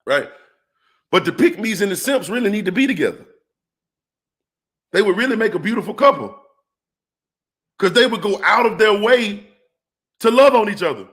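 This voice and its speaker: A man giving an animated monologue on relationships, calling out to his viewers like a preacher and asking rhetorical questions. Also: sits high, moderate pace, pauses often. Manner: preacher-like call-outs to the audience. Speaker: relationship commentator.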